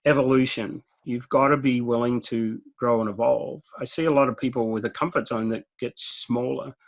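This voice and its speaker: A man's voice: medium pitch, steady tone, normal speed, gravelly, rough recording. A man with an Australian accent, a guest in a casual interview, talking directly and telling stories with frequent chuckles. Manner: direct, storytelling, chuckles often. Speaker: guest speaker.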